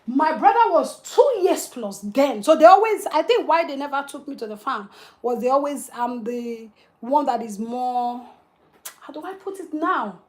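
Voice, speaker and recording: High-pitched middle-aged woman, casual livestream storyteller, emotional and laughing. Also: expressive, normal speed, darkish tone. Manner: emotional, laughing between tender memories. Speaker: livestream host.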